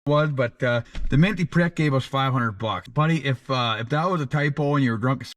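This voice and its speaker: A man's voice: medium pitch, brisk, a bit bright. A man hosting his own channel, reading out supporters' names in a casual, crude, joking way, full of slang. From Canada. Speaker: channel host. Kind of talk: casual patron shout-outs.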